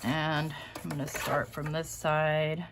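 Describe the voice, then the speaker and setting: A woman talks casually through a live crafting session. Her voice sits a little low, and her chatty, self-deprecating manner is full of easy laughter. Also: level tone, slow, heavy background noise. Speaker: crafting channel host.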